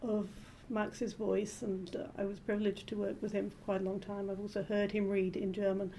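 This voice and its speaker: Woman translator talking it through slowly, low mellow gravelly voice, lots of ums. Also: level tone, a little hiss or hum. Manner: measured, explanatory, with many ums. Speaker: literary translator, interview guest. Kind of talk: thoughtful academic conversation.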